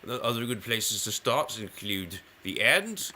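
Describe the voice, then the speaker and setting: Young guy rambling on about his voices, keeps restarting, sharp bright tone, lowish pitch, bit of faint noise. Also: sing-song. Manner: rambling, halting, with many restarts and playful voice shifts. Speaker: YouTuber. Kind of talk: rambling self-reflective vlog.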